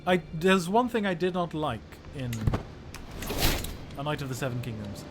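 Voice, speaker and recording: A man's voice: a little high, animated, moderate pace, music in the background. A man streaming a strategy game, joking and chatting with his viewers in casual commentary.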